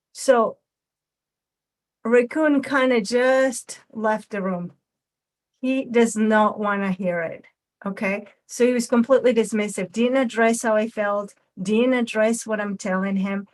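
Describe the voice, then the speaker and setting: A woman's voice: on the high side, steady tone, measured pace. A woman instructor explaining communication styles with a puppet demonstration, checking in with frequent tag questions.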